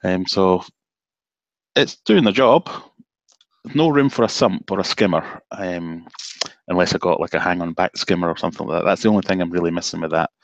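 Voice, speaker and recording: A Scottish man with a low voice talks easily on a live stream from his home office, relaxed and a bit self-deprecating. The sound is dry and close, and the stream audio is slightly dull. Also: a little fast, dry recording. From Scotland, south of Glasgow. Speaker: guest fishkeeper. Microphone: video call.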